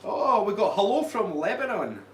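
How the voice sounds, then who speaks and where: Scottish man, upbeat live-stream host, higher voice, lively pitch, echoey room. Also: normal speed, recorded from a distance. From Scotland. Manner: upbeat, reads out viewer comments, teasing. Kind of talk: casual live-stream chat. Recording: echoey room, faint noise.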